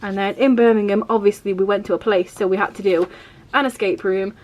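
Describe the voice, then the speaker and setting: A woman talks casually in a vlog as she flips through her journal. She rambles a little and leans on filler words. Her pitch sits in an ordinary middle range. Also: steady tone, brisk, a little mellow. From England. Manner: chatty, rambling, uses filler like "like" and "vibe". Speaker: vlogger.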